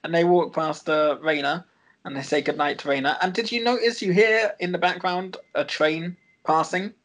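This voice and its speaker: A man's voice: a little high, moderate pace, fairly bright tone, poor audio. Giggly man recapping a TV episode. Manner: chatty, giggly, rambling with fillers.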